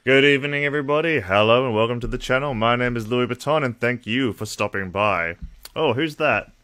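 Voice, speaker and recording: A man's voice: mid-range voice, a little fast, fairly bright tone, no echo. A man, casually chatting on his livestream, joking crudely and reading chat aloud. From Australia. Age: 20s.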